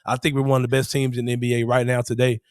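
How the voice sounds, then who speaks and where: A man co-hosting a sports podcast in casual chat, slangy and quick to laugh. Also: medium pitch, flat delivery, clean tone, dry recording, clean studio sound. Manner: slangy, laughs often, says bro. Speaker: podcast co-host.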